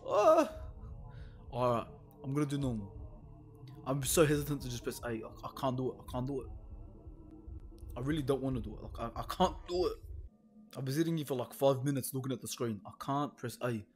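A man's voice: medium pitch, quick pace, pauses often, darkish tone, faint music behind. A young man commenting nervously on a horror game he plays alone at home, swearing and hesitating. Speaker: gaming video host.

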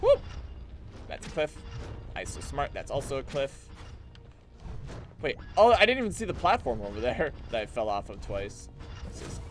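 A man's voice: wildly swooping pitch, moderate pace, long pauses, soft background music. A man casually commenting on a game he plays on stream, rambling and joking as he goes. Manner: rambling, jokey, puts on silly high voices for clone banter.

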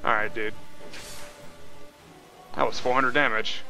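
A young man commentating a game he is playing, casual and excitable, with frustrated outbursts. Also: mid-range voice, a little slow, gravelly, soft background music. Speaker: let's play host. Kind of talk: gameplay commentary.

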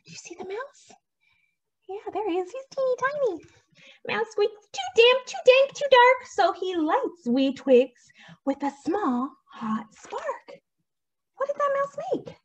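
A young woman leading a toddler storytime at a library, reading aloud slowly in a sing-song, animated way with whispered shushes, on a dull lo-fi recording. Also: very high voice. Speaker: children's librarian. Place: library program room.

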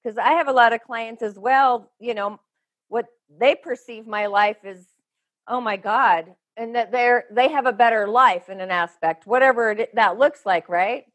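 A woman with a slightly raised pitch, speaking as a guest medium on a podcast. She talks in a chatty, emphatic and frank way, piling up loose phrases as she goes. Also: moderate pace, a bit bright. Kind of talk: casual interview talk.

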